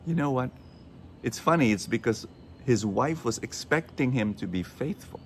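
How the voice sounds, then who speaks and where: Brief: Filipino man, radio preacher, mid-pitched voice, faint room noise behind, animated storyteller. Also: normal speed. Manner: animated storyteller, quotes others in shifting voices. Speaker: radio show host and preacher. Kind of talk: inspirational sermon talk.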